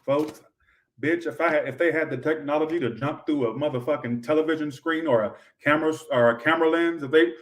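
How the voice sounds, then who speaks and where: A man's voice: on the high side, fast. Sassy, foul-mouthed male tarot reader. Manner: sassy, profane, rambling, talks straight to viewers. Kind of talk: livestream tarot reading.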